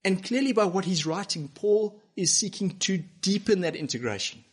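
A male pastor delivers a sermon to people watching at home. His voice sits slightly high for a man. He speaks earnestly and with emphasis, firing off searching rhetorical questions. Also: animated, moderate pace, husky. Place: church broadcast to home viewers.

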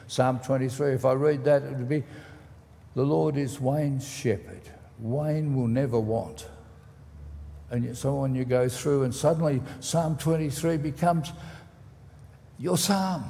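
Male pastor, gravelly voice, measured teaching sermon, church hall reverb. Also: medium pitch, dark tone. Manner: measured, teaching tone with deliberate emphasis.

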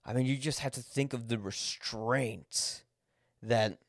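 A man's voice: medium pitch, slow, gravelly, no room sound, clean studio sound. A man hosting a podcast, speaking an unscripted personal monologue, blunt, swearing when angry and correcting himself as he goes. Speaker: podcast host.

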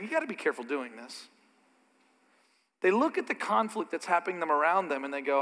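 A man preaching with a high, bright, forceful voice that carries through a reverberant church hall. He drops into quiet, conversational asides and then builds to loud, emphatic declarations. The long reverb trails after each phrase. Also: very animated, brisk. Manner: dynamic preaching, swings from soft asides to loud emphatic peaks. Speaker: pastor. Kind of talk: sermon.

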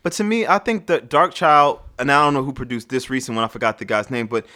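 A man co-hosting a casual chat about singers, talking in an animated, opinionated way. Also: medium pitch, fast talker. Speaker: co-host, singer.

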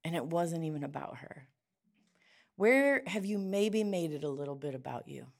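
A woman preaching, her voice sitting a little low for a woman. She tells a personal story in a chatty, conversational way, often restarting her sentences. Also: animated, normal speed. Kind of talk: sermon.

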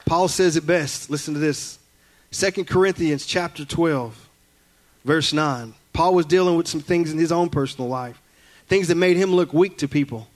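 A man's voice: on the high side, normal speed. Folksy man preaching. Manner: folksy storytelling with acted-out family voices. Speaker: guest preacher. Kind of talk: sermon. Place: church.

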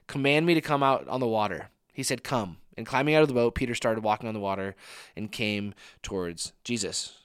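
A man's voice: mid-range voice, dry recording, studio quality. A man preaching a conversational sermon, earnest and informal, often restarting his phrases.

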